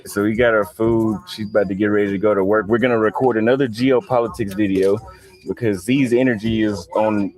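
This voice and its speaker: Low-voiced man vlogging casually. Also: steady tone, fairly quick, darkish tone, faint music behind. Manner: conversational, matter-of-fact. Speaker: travel vlogger. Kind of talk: casual vlog narration.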